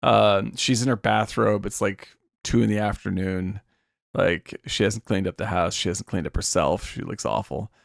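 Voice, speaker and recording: A man's voice: lowish voice, steady tone, normal speed, creaky, dry recording, clean studio sound. A man co-hosting a film podcast who retells scenes vividly, with casual swearing. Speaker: podcast co-host.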